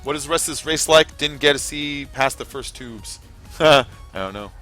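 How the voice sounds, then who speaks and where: A man's voice: a little high, fairly even intonation, normal speed, sharp tone, faint music behind. A man streaming a racing game, rambling casually to his chat viewers with lots of fillers. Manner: rambling, chatty, many fillers, talks straight to chat viewers. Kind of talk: casual live-stream commentary while racing.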